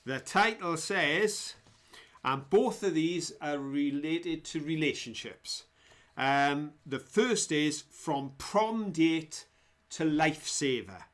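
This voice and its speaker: A man's voice: fairly high pitch, animated, takes it slowly, fairly bright tone. A man hosting a live online quiz, chatty and jokey as he reads out viewers' answers. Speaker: quiz host.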